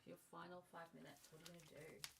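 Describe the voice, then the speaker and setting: A woman with a low, gravelly voice reads out viewers' comments on a live stream. She keeps her remarks short and dry. Noise and clicks sit clearly behind her. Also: little pitch movement, racing, a bit bright. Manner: brief, dry remarks read from chat. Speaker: co-host reading chat. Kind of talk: casual live-stream chat.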